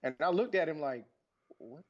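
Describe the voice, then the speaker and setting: A man's voice: medium pitch, fairly quick. Rambling male podcast host, dull audio. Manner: rambling, many fillers, grows animated telling a story. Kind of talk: casual podcast storytelling.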